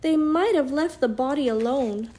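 A woman reading a storybook aloud and voicing a young girl who speaks in an excitable, breathless rush. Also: high-pitched, takes it slowly, voice pushed up, full character voice. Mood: sobbing. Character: young girl, eager and emotional.

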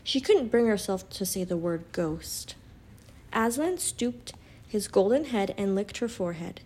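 A woman reading a children's storybook aloud. Her narration stays calm and even, at a middling pitch. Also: a little slow, husky.

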